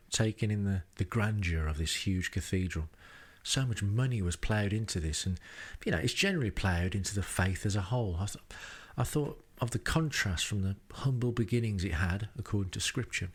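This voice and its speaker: Man, low voice, travel diary narration, dry humour, self-deprecating asides. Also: breathy edge. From England. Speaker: podcast host. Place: rented home.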